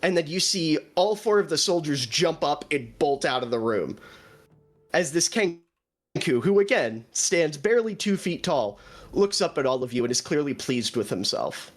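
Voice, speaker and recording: A man narrating a tabletop role-playing game as game master, describing scenes in an animated way. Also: fairly high pitch, normal speed, soft background music.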